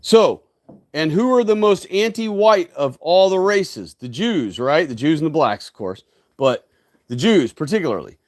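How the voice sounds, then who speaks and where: A high-pitched man speaking into a dry, close-sounding mic. He hosts a solo stream and lectures in a ranting, emphatic way. He keeps checking in with his listeners with "okay?" and "right?". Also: sing-song, moderate pace, a little mellow, no room sound. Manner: frequent tag questions, "okay?" and "right?". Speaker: livestream host. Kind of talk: solo livestream monologue.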